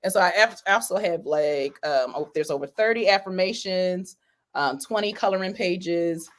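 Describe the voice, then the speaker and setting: A woman's voice: on the low side, moderate pace. A woman guest on a video call interview, talking casually and rambling with many fillers and frequent laughs. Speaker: guest, author of a coloring book.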